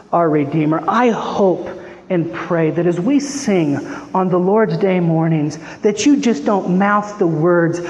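A man preaching a sermon as a pastor, impassioned, swinging between hushed and rising pleading. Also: high-pitched. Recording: long hall reverb.

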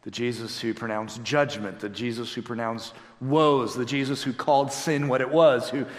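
A man's voice: medium pitch, fairly even intonation, normal speed. A middle-aged man preaching a sermon as a pastor, telling stories with emphatic delivery. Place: church sanctuary. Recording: echoey hall with long reverb.

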